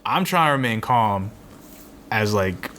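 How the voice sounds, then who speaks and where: A man's voice: lowish voice, lively intonation, measured pace, sharp tone, slight background noise. A young man in his twenties, co-hosting a podcast and telling a rambling, swear-filled story in casual chat. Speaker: podcast co-host.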